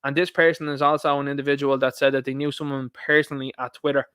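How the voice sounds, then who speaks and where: A man's voice: mid-range voice, level tone, quick pace, a bit bright, clear, resonant tone, no room sound, studio quality. A man giving a combative, sweary solo commentary as a political commentator.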